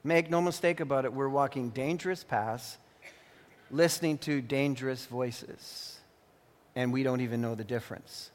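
A man's voice: mid-range voice, normal speed. A man preaching a sermon as pastor in an earnest, warning manner, also narrating a story. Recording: long hall reverb.

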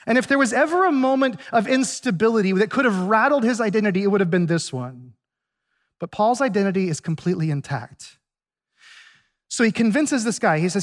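A male pastor giving a sermon, retelling a Bible story in a conversational, animated way with acted asides. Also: very high-pitched, brisk.

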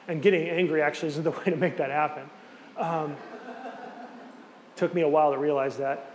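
A man's voice: a little high, fairly even intonation, brisk. A man giving a casual, conversational teaching talk with many fillers and asides. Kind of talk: sermon-style teaching talk. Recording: hall reverb with faint background noise.

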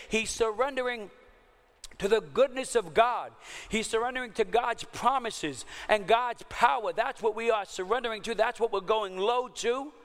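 A man preaching a sermon as pastor, emphatic, dropping to hushed low lines and rising to urgent raised ones. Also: big-room sound.

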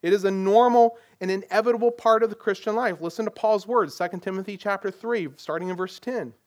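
Pastor, male, higher-pitched voice, conversational sermon delivery full of rhetorical questions. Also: brisk, a little mellow, lo-fi sound. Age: adult parent.

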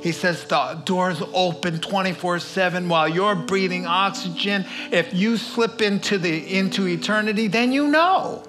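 Folksy preacher over soft music. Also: male voice, high voice, normal speed, few pauses. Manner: conversational, folksy, many asides. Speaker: pastor. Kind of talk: sermon with personal story.

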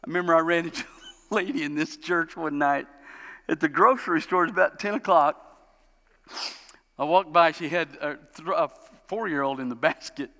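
A man preaching a sermon as a pastor, animated and storytelling, acting out the people he describes. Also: moderate pace. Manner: animated, acts out quoted parents in high voices. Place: church sanctuary. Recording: long hall reverb.

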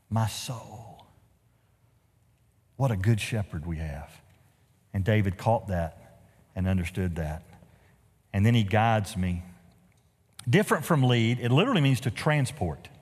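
A man's voice: mid-range voice, a little slow, long pauses, slightly rough, long reverb tail. A man preaching a sermon as pastor, telling stories with humorous asides. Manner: animated storytelling with humorous asides. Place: church sanctuary.

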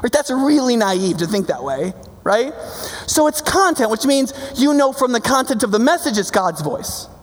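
A man preaching a sermon as pastor, talking in a casual, animated way and often checking in with his listeners. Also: very high voice, normal speed, in a large hall. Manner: conversational, animated preaching with frequent "right?".

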